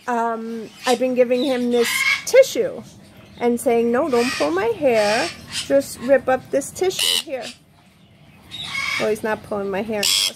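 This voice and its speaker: Giggly high-voiced woman with squawking birds. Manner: giggly, cooing baby talk to her parrot. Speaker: parrot-keeping vlogger. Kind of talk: casual vlog talk. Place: home with pet birds. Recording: noisy, squawking birds behind.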